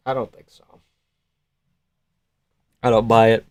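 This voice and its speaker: A man's voice: on the low side, level tone, unhurried, pauses often, a little mellow, dry recording, highs cut off. Joking male streamer with a dry, close sound. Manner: joking, laughs often, swears. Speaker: live streamer. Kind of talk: casual fight-night commentary, reading chat.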